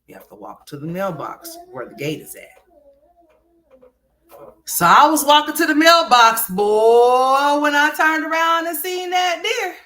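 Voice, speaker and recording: A woman from Oklahoma hosting a livestream, telling a story in a loose, animated and profane way, dropping to low mutters and rising to loud exclamations. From Oklahoma, USA. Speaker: livestream host.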